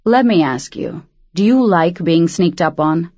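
A woman voicing a solemn, tired teenage boy who talks bluntly in a low, flat voice, in a storybook reading. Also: a little slow, no echo, highs cut off. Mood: curt.

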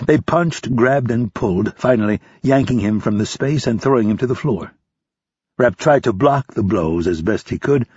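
A man reading a thriller audiobook in steady, expressive scripted narration. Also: on the low side, breathy edge, dry recording. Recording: dry, slightly dull lo-fi.

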